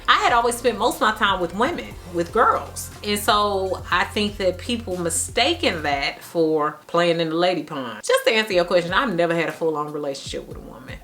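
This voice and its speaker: A young woman with a St. Louis Midwest accent, chatting casually to camera as a vlogger, animated and laughing often. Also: fairly low pitch, normal speed, hardly any pauses, faint music behind. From Midwest United States.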